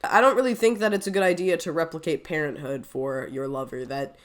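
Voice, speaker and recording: A woman's voice: deep voice, fairly quick. A woman hosting a reaction video, who is sick and coughs. She rambles in casual commentary, wordy and full of self-doubt.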